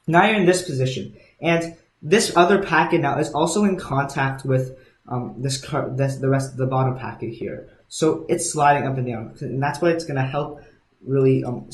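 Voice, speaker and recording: A young man teaching card sleights in a casual, rambling way, often restarting and correcting himself. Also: a little high. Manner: rambling, self-correcting, many restarts and ums. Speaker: magic tutorial host. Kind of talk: casual instructional walkthrough. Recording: echoey room.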